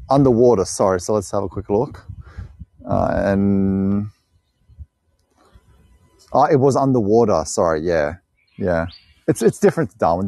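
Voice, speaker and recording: The tour guide's fairly low voice is gravelly and darkish as he rambles, jokes and laughs with live viewers on a bush walk. The Australian man is recorded dry, outdoors.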